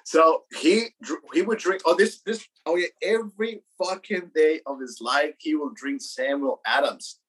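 A man's voice: a little high, moderate pace, hardly any pauses, a bit bright, husky, rough recording. A man co-hosting a casual beer podcast, rambling, swearing a lot, repeating words and calling people bro and man. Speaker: podcast co-host. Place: New York.

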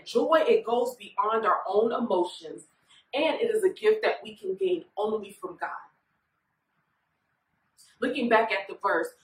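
A woman minister teaches a Bible study in a relaxed, conversational manner and keeps checking in with her listeners. Her voice sits fairly high. She is recorded from some distance in a room with a noticeable echo. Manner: informal, often checks in with listeners. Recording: echoey room, voice far from mic.

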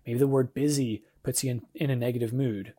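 Casting note: young adult male podcast host, mid-pitched, earnest and encouraging devotional chat. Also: steady tone, a little fast, mellow, slightly rough. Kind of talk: casual devotional podcast monologue.

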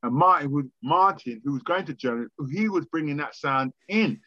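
A man, a podcast guest telling lively stories, swearing freely and acting out old conversations. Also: a little high, fairly quick, no room sound. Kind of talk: animated storytelling interview. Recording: dry, slightly dull podcast audio.

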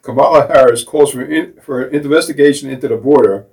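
A man's voice: mid-range voice, quick pace, gravelly, a little mellow. A middle-aged man co-hosting a casual talk show, sarcastic and mocking, laughing at his own jokes. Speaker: co-host. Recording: voice from a distance off the mic.

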